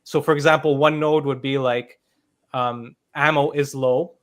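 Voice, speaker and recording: A man's voice: mid-range voice, fairly even intonation, measured pace, clean tone. A man who is a game developer, talking through how his game works in a casual podcast chat, with plenty of "like" and "um" along the way. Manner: explains step by step with many fillers.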